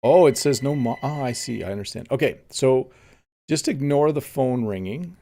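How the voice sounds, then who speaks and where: A man hosting a relaxed live-streamed English lesson while playing a game, explaining words plainly and reading viewer comments aloud. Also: medium pitch, normal speed. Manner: frequent "um" and "let's see" as he looks around. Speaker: English teacher and host.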